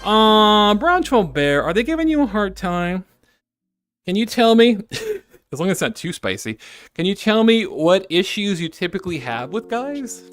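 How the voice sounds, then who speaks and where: Giggly woman streamer, very lively pitch. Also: normal speed, dry recording, faint music behind. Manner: giggly, chatty, self-correcting asides. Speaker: VTuber streamer. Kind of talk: casual live-stream chat, reading chat messages.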